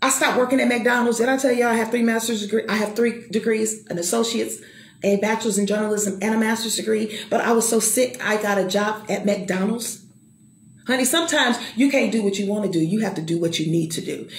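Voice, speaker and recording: A woman's voice: mid-range voice, fairly quick, reverberant, a little hiss or hum. A middle-aged woman giving an emphatic, preacher-like personal testimony and calling out to the listener. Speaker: motivational speaker.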